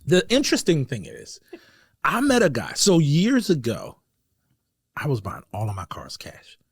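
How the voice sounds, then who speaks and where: A man's voice: on the high side, vocal fry, breathy edge, no echo, studio quality. A man, hosting a car podcast in casual, slangy chat and laughing often. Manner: animated, quick to laugh, slangy. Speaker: podcast host.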